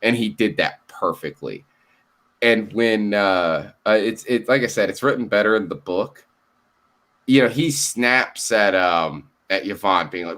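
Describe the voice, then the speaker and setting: A man co-hosting a casual chat, animated and swearing freely, laughing often and acting out quotes. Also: on the low side, normal speed. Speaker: co-host.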